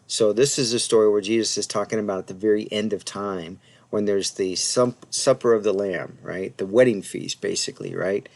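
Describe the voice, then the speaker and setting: A man teaching a casual Bible Greek lesson from his slides, thinking aloud with many fillers and restarts, and reading Greek words slowly and carefully. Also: on the low side, steady tone, creaky, darkish tone. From United States.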